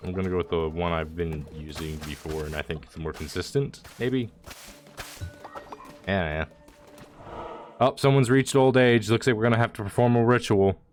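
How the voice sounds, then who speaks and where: A man's voice: low voice, a little hiss or hum. A man streaming a video game, talking casually in a rambling, jokey way with mock-dramatic lines. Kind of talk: casual gameplay commentary.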